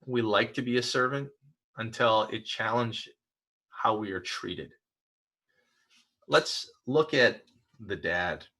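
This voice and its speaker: A man pastor giving a conversational sermon, telling personal stories in a relaxed, hesitant way with many fillers and restarts. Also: on the low side, takes it slowly, pauses often, poor audio.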